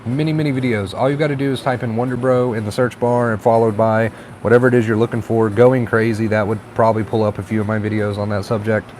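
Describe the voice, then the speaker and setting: Relaxed man hosting a live chat. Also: lowish voice, quick pace, few pauses, slight background noise. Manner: relaxed, encouraging, reads viewer comments aloud. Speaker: livestream host. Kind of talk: casual live-stream chat reading comments.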